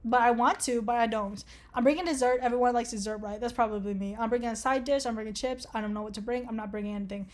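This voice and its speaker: Woman, young adult, fairly high voice, sarcastic, profane, casual quiz commentary. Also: steady tone, fast. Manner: sarcastic, swears a lot, laughs often. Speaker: vlogger taking an online quiz.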